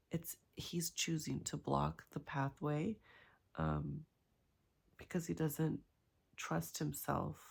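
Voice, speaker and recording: A woman chatting casually in a reading vlog, rambling and excitable with many fillers. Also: sits low, creaky. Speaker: book vlogger.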